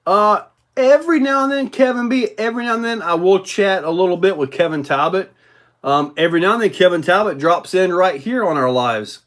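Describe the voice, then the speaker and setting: Man, slightly higher voice, casual livestream host, rambling, relaxed, lots of fillers. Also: brisk. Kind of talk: casual livestream chat reading viewer comments.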